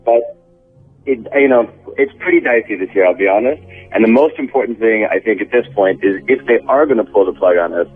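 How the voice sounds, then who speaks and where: A man calling in as a guest to a radio talk show, relaxed and joking about himself. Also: fairly low pitch, brisk, breathy edge. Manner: relaxed, self-deprecating, joking. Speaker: phone-in guest, actor. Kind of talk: casual radio interview. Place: Vancouver. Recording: tinny phone line with faint music.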